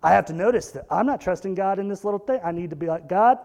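A pastor preaching a conversational sermon, animated, with rhetorical questions and joking asides. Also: male voice, high-pitched, fast talker, gravelly.

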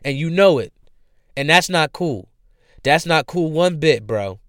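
A man's voice: fairly high pitch, unhurried, no room sound, studio quality. A young man from New hosting a solo podcast, ranting bluntly and profanely in a casual way. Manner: profane, blunt, heated rants then relaxed sign-off. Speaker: podcast host. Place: home room.

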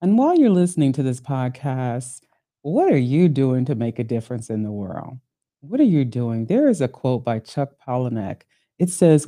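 Lively laughing woman podcast host. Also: very deep voice, normal speed. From Ohio, United States. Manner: animated and laughing often, storytelling. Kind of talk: solo podcast monologue.

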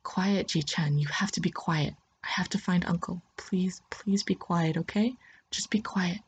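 A woman voicing a frightened young girl who urgently whispers to hush her little brother. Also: lowish voice, moderate pace, dull audio, a little hiss or hum, lightly acted. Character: frightened young girl, protective older sister.

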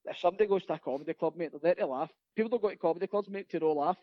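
A Scottish stand-up comedian telling rapid, sweary, laughing stories in a casual chat. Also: male voice, high voice, no echo, highs cut off.

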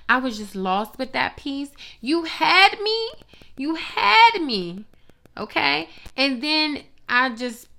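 A woman giving blunt, profane, sassy commentary on reality TV gossip, with animated asides. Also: on the high side, clear, resonant tone. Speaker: gossip vlogger.

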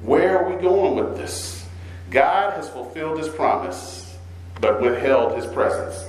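A male pastor preaching a sermon, swinging between slow low scripture readings and raised, urgent questions. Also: lively intonation, echoey room, low-quality recording. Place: church.

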